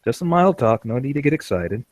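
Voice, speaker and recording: A man voicing a calm, courteous but threatening man who speaks softly and evenly. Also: medium pitch, lightly acted. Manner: soft, measured, courteous. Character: calm, menacingly polite man.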